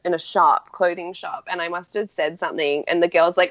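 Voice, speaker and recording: A woman's voice: fairly low pitch, fairly even intonation, a little fast, hardly any pauses, no room sound, highs cut off. A woman with a broad Australian accent, a podcast guest, bubbly and laughing often in casual chat.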